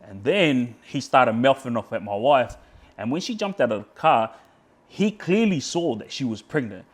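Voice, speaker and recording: A man's voice: medium pitch, lively intonation, normal speed. Australian man telling a rambling story. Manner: rambling, repeats words and restarts, quotes himself. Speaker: podcast guest. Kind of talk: casual storytelling.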